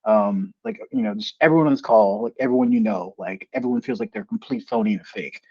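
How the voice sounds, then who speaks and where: A man working as a solution engineer, telling stories in a casual panel chat and acting out the people he quotes with big jumps in pitch. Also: quick pace, gravelly, breathy edge. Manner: animated storytelling, voices quotes with pitch jumps. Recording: lo-fi video call audio.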